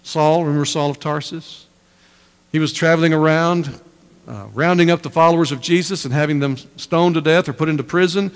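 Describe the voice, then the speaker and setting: Gravelly-voiced preaching pastor, echoing hall. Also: male voice, fairly high pitch, fairly quick. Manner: emphatic preaching with repeated phrases. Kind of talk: sermon. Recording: church hall reverb.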